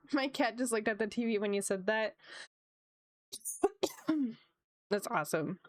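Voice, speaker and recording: A woman art streamer chatting casually with her viewers, upbeat and laughing often, her voice jumping high when excited, with a slight cough from a coming sore throat. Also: measured pace, no room sound, studio quality. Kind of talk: casual chat with live chat viewers.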